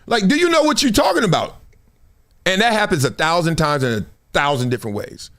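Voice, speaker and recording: Animated man hosting a live show. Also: high-pitched, a little fast. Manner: animated storytelling, acts out quotes. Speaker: host. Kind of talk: casual live-stream talk.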